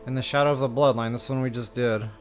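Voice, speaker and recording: A middle-aged man streaming a video game, talking casually at a mid pitch. He chats and laughs easily as he tells stories to his viewers, with faint music playing underneath. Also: fairly even intonation, fast. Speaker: gaming streamer. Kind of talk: casual gameplay commentary.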